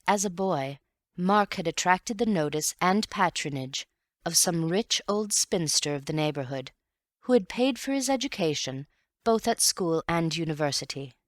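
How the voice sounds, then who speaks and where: A woman narrating a classic novel as an audiobook, in a measured, wry storytelling manner. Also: deep voice, dry recording, clean studio sound. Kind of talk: scripted narration.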